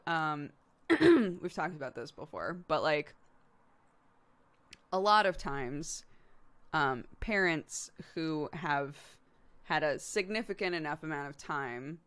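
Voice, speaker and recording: A woman's voice: low voice, a bit bright. A woman in her thirties hosting a live stream, chatting casually with viewers and laughing often as she tells stories about her toddler. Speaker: streamer host.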